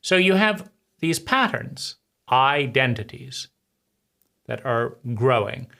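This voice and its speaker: A man hosting his own channel, giving a slow, deliberate philosophical monologue with frequent pauses between phrases. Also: mid-range voice, very animated, gravelly, sharp tone. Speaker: channel host.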